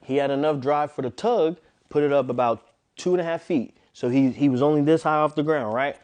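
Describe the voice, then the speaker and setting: A fairly high-voiced man chatting casually about his work as a dog trainer. He tells stories with energy and slips into quoted voices as he goes. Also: a little fast. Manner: animated storyteller, acts out quoted voices. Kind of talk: casual interview chat.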